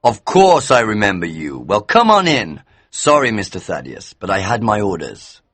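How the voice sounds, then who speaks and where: A burly gatekeeper talks bluntly and warily in a low, husky voice, as a male storyteller puts him on. It sounds close and dry. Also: wildly swooping pitch, moderate pace, a bit bright, no room sound, full character voice. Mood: gruff. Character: strong, gruff male gatekeeper. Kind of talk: story reading for English learners.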